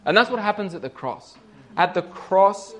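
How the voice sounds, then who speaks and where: A young man giving a casual sermon, telling a story and acting out the voices of its characters, rising to loud emphatic peaks. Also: high voice, animated, normal speed. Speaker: preacher.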